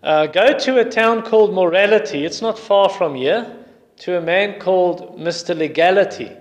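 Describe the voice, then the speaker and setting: A preacher putting on a smooth-talking schemer. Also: male voice, high-pitched, normal speed, lo-fi sound, close to an everyday voice. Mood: persuasive. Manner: dismissive, persuasive. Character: smooth-talking male schemer giving bad advice. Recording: long hall reverb.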